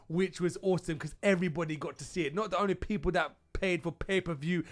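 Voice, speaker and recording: Hyped guy with a highish voice recapping wrestling for his channel, trips over his words, keeps saying dudes. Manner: hyped, stumbles and repeats himself; calls viewers dudes. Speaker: gaming channel host. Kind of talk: excited wrestling recap vlog.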